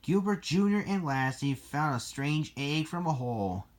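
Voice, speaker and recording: A reader narrating a children's storybook in a slow, deliberate way. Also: medium pitch, expressive.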